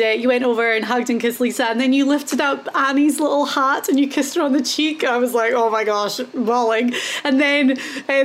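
A woman hosting a podcast, chatting enthusiastically and saying "like" often. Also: high voice. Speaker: podcast host. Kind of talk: casual podcast interview.

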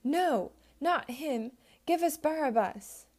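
Woman doing a shouting angry crowd. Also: high-pitched, expressive, moderate pace. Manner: loud, insistent.

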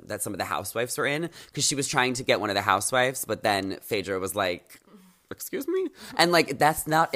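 A podcast host in casual, gossipy chat, getting animated and laughing often. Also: mid-range voice. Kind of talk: casual chat recapping a reality show.

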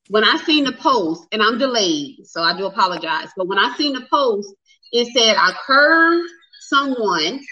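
Chatting live and casually with viewers she calls y'all, this flustered livestream host has a bright, forceful voice that runs a little high and husky. The sound is slightly dull and lo-fi.

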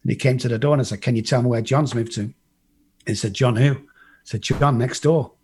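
A man's voice: mid-range voice, fairly even intonation, brisk, a little mellow, a little hiss or hum. A man from England, telling a personal recovery story to a group, blunt and profane, acting out the people in it. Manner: blunt and profane, acts out the voices in his story. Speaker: recovery speaker.

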